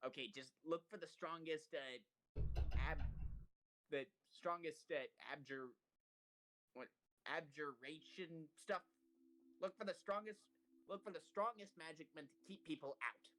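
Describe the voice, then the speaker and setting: A man's voice: on the high side, measured pace, pauses often, a bit bright. A man playing in a tabletop game over voice chat, talking casually and hesitantly with many restarts and fillers. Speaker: player.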